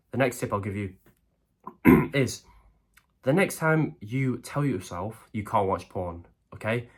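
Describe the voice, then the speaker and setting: A young man hosting a self-help video. He talks bluntly and swears freely, and he keeps checking in with "okay?" and "right?". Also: fairly low pitch. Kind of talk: blunt motivational monologue.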